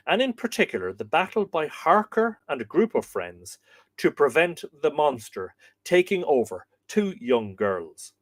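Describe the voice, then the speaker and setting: Irish man reading aloud, lively slow. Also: fairly high pitch, no room sound. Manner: dramatic, slows for quoted passages. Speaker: host reading a book chapter aloud. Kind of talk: live reading with asides.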